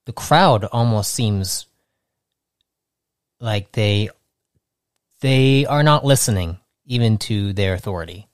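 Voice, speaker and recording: A man running a tabletop game as game master, narrating in a halting way with many restarts. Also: on the low side, smooth, no echo, studio quality. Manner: halting, restarts often, laughs easily.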